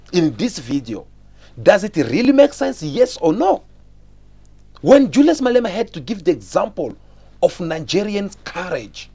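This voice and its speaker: A channel host giving reaction commentary, talking directly to viewers and asking them questions. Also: male voice, high-pitched, a little mellow.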